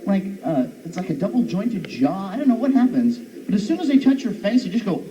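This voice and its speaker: Male stand-up comic, a bit high, animated and silly; distant, lo-fi, hissy live tape. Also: brisk. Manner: animated, jumps into high silly voices for bits. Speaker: stand-up comedian. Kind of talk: stand-up comedy set. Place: comedy club stage. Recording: dull old recording from far off, noisy.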